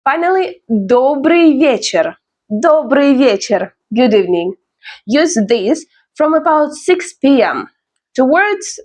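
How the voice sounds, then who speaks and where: Woman teaching, slow and careful. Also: high voice. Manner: slow, careful pronunciation drills; explains in English, models phrases slowly for repetition. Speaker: language teacher. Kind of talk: beginner language lesson.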